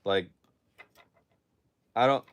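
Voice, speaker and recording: Over dull-sounding audio, a young man speaks very slowly while hosting a casual phone livestream. He answers chat questions, often restarting and correcting himself.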